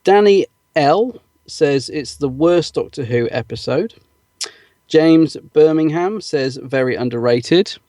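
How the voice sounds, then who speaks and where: A man's voice: a little high, expressive, slow pace, dark tone, no room sound, clean studio sound. A man co-hosting a podcast in a casual chat, reading out listener comments with frequent ums and little laughs. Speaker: podcast co-host.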